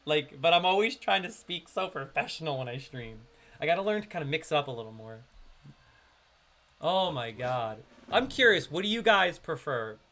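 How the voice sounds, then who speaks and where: A man's voice: on the high side, big pitch swings, moderate pace, sharp tone. A man with a New York accent giving live gameplay commentary, chatting straight to his viewers. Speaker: streamer.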